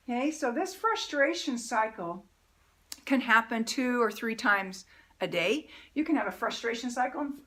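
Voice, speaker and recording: A woman's voice: a little high, a bit bright. A middle-aged woman giving an upbeat motivational lesson as a life coach, acting out feelings in little quoted asides. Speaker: life coach teaching a mentoring program.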